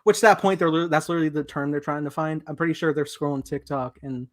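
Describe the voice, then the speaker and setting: A man hosting a casual movie review chat, talking excitedly and laughing often. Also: on the high side, quick pace. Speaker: podcast host.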